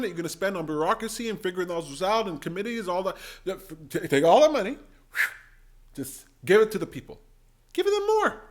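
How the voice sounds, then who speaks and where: A man giving an excitable reaction commentary on a debate clip, mimicking voices, laughing and exclaiming. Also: high voice. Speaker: political commentator.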